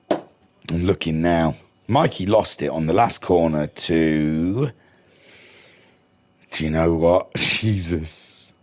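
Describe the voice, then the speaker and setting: An excitable man calls a sim racing event live, jumping between shouted race calls and jokey, rambling asides. He reads viewer chat aloud and chats with his audience in a mid-pitched voice, neither high nor low. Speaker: race commentator and streamer.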